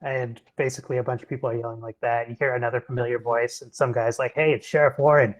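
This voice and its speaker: A man narrates a tabletop role-playing game as its game master. He fills his sentences with ums and breaks into laughter often. His voice sits at a middling pitch. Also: level tone. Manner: laughs often, many ums, quick voice changes for characters.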